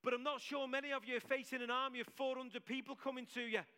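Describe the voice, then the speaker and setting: A man's voice: extremely high pitch, level tone, fast talker, bright, forceful tone, clear, resonant tone. A man preaching a sermon to his church, emphatic and repeating his key phrases for weight. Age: adult with several children.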